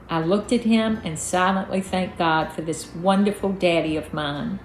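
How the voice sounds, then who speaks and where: A woman's voice: fairly low pitch, moderate pace, few pauses. A woman reading her own memoir aloud in a folksy storytelling manner. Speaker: storyteller, author. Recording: echoey room, faint music.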